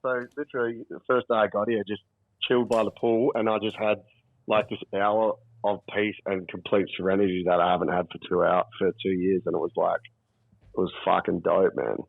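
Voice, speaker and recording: A man's voice: low-pitched, level tone, fairly quick, vocal fry, dry recording. An Australian man calling in to a podcast from a holiday abroad, chatting laid-back and swearing often. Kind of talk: casual podcast chat. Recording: dull lo-fi call line.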